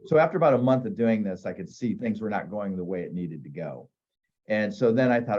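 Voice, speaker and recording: A man's voice: lowish voice, lively intonation, brisk, a little mellow, highs cut off. A man in his fifties from northeast Ohio, a real estate agent telling candid, self-deprecating stories in a casual interview.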